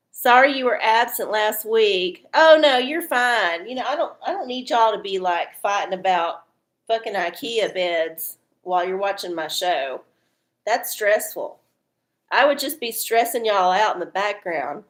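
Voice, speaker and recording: A woman hosting a casual live stream, chatty and folksy, swearing freely as she reads oracles. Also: mid-range voice. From Texas.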